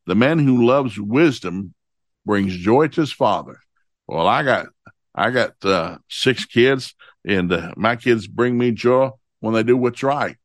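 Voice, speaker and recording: A man with a drawl gives a plain, homespun Bible lesson, saying each verse reference twice before reading it slowly. His voice sits on the low side and is recorded close and dry, with no room sound. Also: no echo. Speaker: preacher. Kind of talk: folksy Bible teaching.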